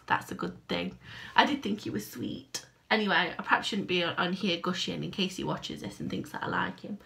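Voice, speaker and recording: A woman's voice: medium pitch, a little fast, creaky, bright, forceful tone. A woman talking casually to camera at home for her vlog, rambling and self-deprecating. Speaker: crochet vlogger. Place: at home by a window.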